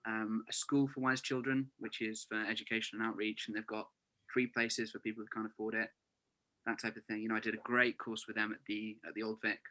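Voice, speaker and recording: A young man in his twenties talks casually as a podcast guest, his voice strikingly bright and forward. He speaks earnestly and fills gaps with "you know". It sounds like a relaxed remote interview. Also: lowish voice, brisk. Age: 20s. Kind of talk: casual chat. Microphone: remote call.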